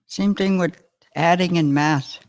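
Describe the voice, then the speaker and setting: Slow, patient woman teaching vocabulary. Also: lowish voice, a little hiss or hum. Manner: warm and chatty, often chuckling, sounds out words slowly. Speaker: language teacher. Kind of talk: slow, patient language lesson.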